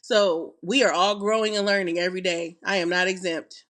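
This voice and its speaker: Bright-voiced reflective woman. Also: fairly low pitch, steady tone, moderate pace. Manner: reflective, acts out what she said to others. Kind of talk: casual chat.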